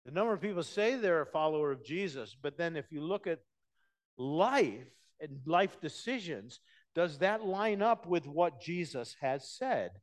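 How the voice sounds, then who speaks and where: A man preaching a sermon, talking conversationally and swinging between hushed, low passages and emphatic, raised ones. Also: sing-song, unhurried. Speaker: pastor.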